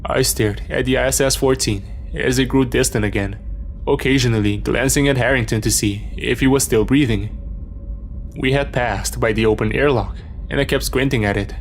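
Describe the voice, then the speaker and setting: A man's voice: mid-range voice, a little hiss or hum. Man narrating a horror story. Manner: steady first-person storytelling.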